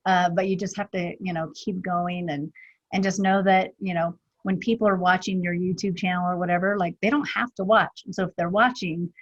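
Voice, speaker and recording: A woman's voice: lowish voice, steady tone, a little fast, dull audio. A middle-aged woman guest, a business strategist, talking chattily with many fillers and quoted asides. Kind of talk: casual interview chat.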